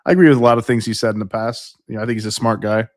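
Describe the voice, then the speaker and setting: A man co-hosting a casual livestream, halting and repeating his words. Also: fairly low pitch, steady tone, no echo, studio quality. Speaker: podcast co-host.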